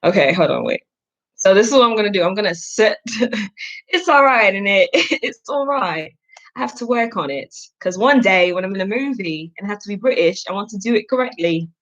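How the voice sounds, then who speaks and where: A woman's voice: mid-range voice, expressive, fast talker, lo-fi sound. Chatty woman hosting a live astrology stream. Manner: chatty, talks to the chat, self-deprecating. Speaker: astrology reader, stream host. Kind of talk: casual livestream chat.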